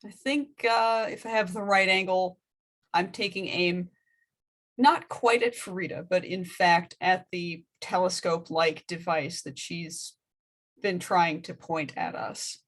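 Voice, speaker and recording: A woman playing a tabletop game, calm and deliberate as she states her moves. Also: on the low side. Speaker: player. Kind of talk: casual tabletop play.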